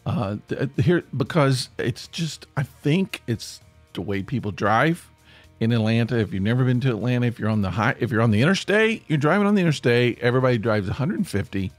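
A man hosting a casual solo podcast, hoarse with his voice nearly gone, rambling and grumpy in a joking way. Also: medium pitch, expressive, a little fast, no echo, faint music behind. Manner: rambling, self-interrupting, grumpy humor. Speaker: podcast host. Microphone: podcast microphone.

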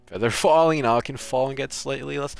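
A man's voice: medium pitch, fairly quick, gravelly, clean tone, faint music behind. A man streaming a video game, commenting live with casual, profane trash-talk at other players.

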